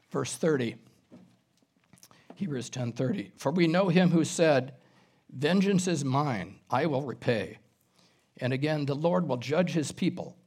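A man preaching an expository sermon as a pastor, reading scripture aloud and explaining it verse by verse, now and then clearing his throat. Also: mid-range voice, darkish tone.

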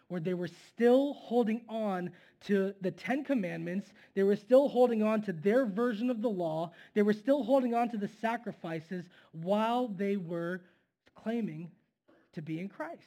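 A man with a notably high voice preaches in a loose, conversational way. He teaches like he's talking with friends and often checks in with the listeners. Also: normal speed. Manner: conversational and relaxed, with asides and questions to the listeners. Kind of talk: casual sermon teaching.

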